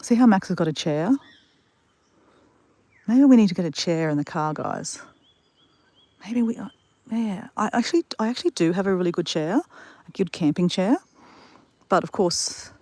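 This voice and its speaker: A woman's voice: on the low side, lively intonation, normal speed, pauses often, a little mellow, dry recording. Chatty woman vlogging outdoors. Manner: chatty, rambling storyteller talking straight to viewers. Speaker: vlogger live-streaming to a chat audience. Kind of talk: casual live-stream chat. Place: outdoors in the bush beside water.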